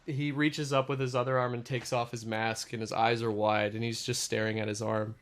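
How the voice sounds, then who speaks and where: A man's voice: mid-range voice, level tone, a little fast. Earnest man describing his character's actions. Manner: earnest, step-by-step storytelling with many "like" fillers. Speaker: player. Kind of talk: narrating his character's actions in a tabletop game.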